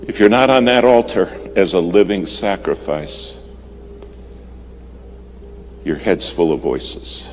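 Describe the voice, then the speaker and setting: A man preaching a storytelling sermon at a church service, swinging from urgent, loud appeals to hushed, near-whispered lines. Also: low-pitched, animated, slow pace, long pauses, slight background noise.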